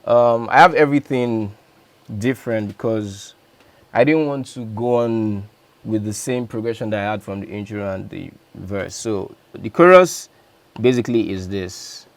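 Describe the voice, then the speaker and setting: Speaking a little slowly in a fairly low voice, with no echo, a male producer casually walks through the making of one of his beats. His talk is loose and chatty, with frequent self-corrections.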